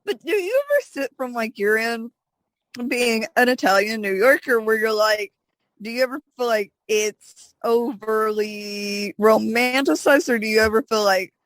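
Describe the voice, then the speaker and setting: A woman's voice: on the high side, a little slow, fairly bright tone, no echo, poor audio. A woman co-hosting a casual podcast chat, playful and facetious in tone. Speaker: podcast co-host.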